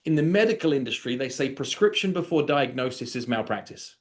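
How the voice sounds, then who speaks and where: A man coaching real estate agents on an online call, lively, acting out sample conversations in quoted voices. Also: mid-range voice, a little fast. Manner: animated, acts out sample dialogues. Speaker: sales coach. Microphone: video call.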